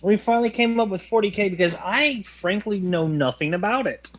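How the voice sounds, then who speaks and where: A man on a casual podcast call, talking quickly and joking with the others. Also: sits high, lively intonation, a bit bright. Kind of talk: casual chat.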